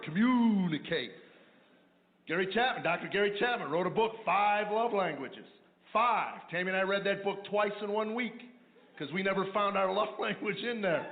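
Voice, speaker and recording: A stand-up comedian with a high male voice tells wry, sarcastic stories about married life. The room is echoey, and the recording comes through a tinny, noisy, phone-like line.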